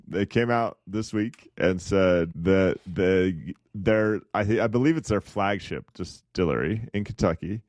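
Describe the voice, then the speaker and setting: Low-voiced man, dry podcast chat. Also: unhurried, few pauses, darkish tone, no echo. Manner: contrarian, rambling, chuckling. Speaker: podcast co-host. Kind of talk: casual investing chat.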